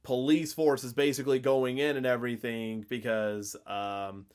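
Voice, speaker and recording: A man's voice: mid-range voice, little pitch movement, normal speed, darkish tone, clear, resonant tone. Rambling man recapping a film. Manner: rambling, leans on fillers like essentially and basically. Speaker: podcast co-host. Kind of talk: casual film recap chat.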